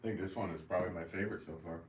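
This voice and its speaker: A man's voice: low voice, steady tone, racing. A man, a potter, chatting casually and self-deprecatingly with viewers during a live stream while he works. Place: pottery studio. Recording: echoey room, mic at a distance, background noise.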